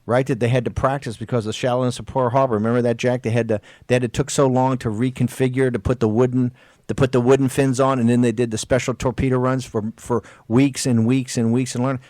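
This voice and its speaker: A man's voice: medium pitch, flat delivery, darkish tone, no room sound, clean studio sound. Fired-up man hosting political talk radio. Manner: emphatic and exhorting, drawn-out stressed words, frequent restarts.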